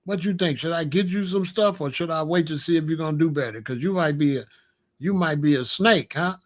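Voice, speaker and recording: A man's voice: a little high, brisk. An older man, a grandfather, talking casually to camera in a profane, taunting rant, laughing often and asking "you know what I'm saying?". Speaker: vlogger scolding his grandson.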